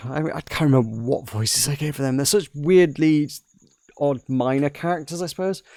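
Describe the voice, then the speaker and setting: Brief: male let's-player, gravelly and wry, close dry mic. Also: fairly high pitch, moderate pace, a little mellow, no echo. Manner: wry, rambling. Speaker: game commentator. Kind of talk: casual let's play chat.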